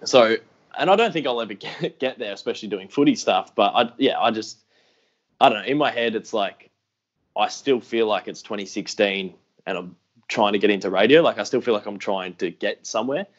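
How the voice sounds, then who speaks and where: A man's voice: fairly low pitch, fairly quick, dull audio. A young Australian man telling stories in a casual podcast interview, rambling and self-deprecating, acting out what people said. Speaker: podcast guest, AFL YouTuber.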